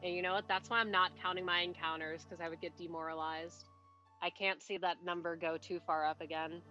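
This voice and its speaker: A woman game streamer rambles to her chat with a bright, sharp-edged voice, breaking off mid-thought and laughing under her breath. The mic sounds dull and lo-fi, and soft game music plays faintly underneath. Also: lowish voice, level tone, brisk. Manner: rambling, self-interrupting, chatty with little laughs. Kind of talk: casual live-stream chat while playing.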